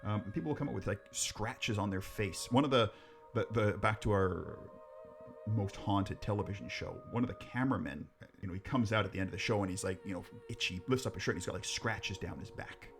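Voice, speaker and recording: A man's voice: fairly low pitch, a little fast, gravelly, over music. A man co-hosting a podcast, telling ghost stories in casual, rambling chat, joking, swearing and laughing at his own jokes. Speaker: podcast co-host.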